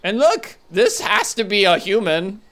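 A man voicing an excitable, earnest forest creature with no arms in a tabletop role-play. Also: high-pitched, measured pace, exaggerated voice. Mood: pleading. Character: armless forest creature, eager and friendly.

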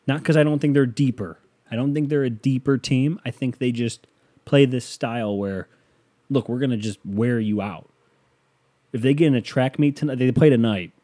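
A man's voice: medium pitch, moderate pace, dark tone. A man hosting a podcast, chatting casually about hockey in a rambling, joking way with some swearing, his voice a bit sore. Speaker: podcast host. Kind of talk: casual sports chat.

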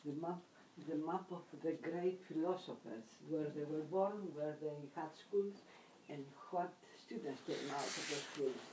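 A woman's voice: low voice, moderate pace, darkish tone, recorded from a distance. A woman in casual chat, insistently correcting someone's pronunciation in a teacherly way. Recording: echoey, off-mic, faint noise.

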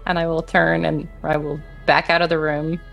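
A woman's voice: deep voice, little pitch movement, moderate pace, vocal fry, a bit bright, soft background music. A woman player in a tabletop game, speaking politely in character and playfully out of it.

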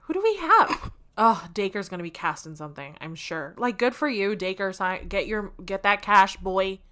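A young adult woman co-hosting a podcast, chatty and quick to laugh in casual conversation. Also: mid-range voice, lively intonation, sharp tone. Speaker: podcast co-host. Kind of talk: casual chat.

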